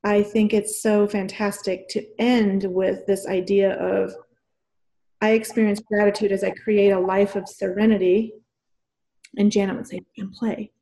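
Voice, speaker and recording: A woman's voice: medium pitch, flat delivery, measured pace, dark tone. A woman hosting a podcast in casual chat, enthusiastic and affirming, gushing over her guest. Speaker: podcast host.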